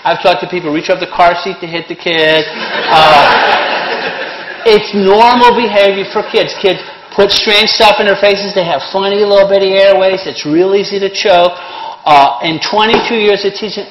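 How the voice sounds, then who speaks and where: A blunt, wisecracking middle-aged man teaches a CPR class into a microphone, and his voice sits a little high for a man. The classroom gives his voice a roomy echo, with a faint hiss underneath. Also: highs cut off. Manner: sarcastic, blunt, joking, lively. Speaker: CPR instructor. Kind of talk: classroom lesson with joking asides. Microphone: handheld or worn microphone. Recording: echoey room, faint noise.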